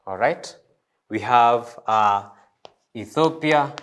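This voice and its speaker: A man teaching a French language lesson, slow and hesitant, with many fillers and restarts. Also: mid-range voice, a bit bright. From East Africa. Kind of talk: classroom lesson.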